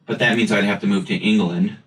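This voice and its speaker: Bright-voiced, blunt American man in echoey room. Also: on the low side, fairly even intonation, quick pace, far from the mic, a little hiss or hum. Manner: blunt, jokey, swears casually. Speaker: podcast host. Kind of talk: casual chat.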